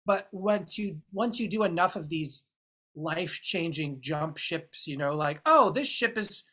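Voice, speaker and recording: A woman's voice: on the low side, lively intonation, a little slow, fairly bright tone. A woman in a reflective casual conversation, speaking thoughtfully and searching for her words.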